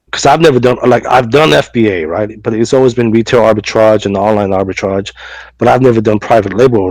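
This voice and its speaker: A man's voice: lowish voice, a little mellow, no room sound, low-quality recording. A man co-hosting a podcast, telling a long story in casual chat with lots of fillers and restarts, acting out both sides of a conversation. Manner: chatty, many fillers and repeated words. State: recovering from a cough and fever. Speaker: podcast co-host.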